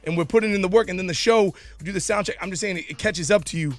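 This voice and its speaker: A man's voice: high-pitched, rapid-fire, soft background music. A man in his forties with a Boston accent, a guest rapper who is tired from little sleep and chats in an interview, swearing a lot and restarting his sentences. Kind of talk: casual interview chat.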